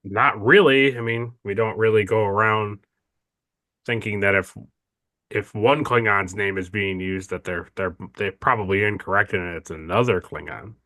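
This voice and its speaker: A man's voice: on the low side, normal speed, sharp tone. A man voicing a suspicious male colonist spokesman in a tabletop game who argues back in a defensive, matter-of-fact way. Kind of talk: tabletop role-play.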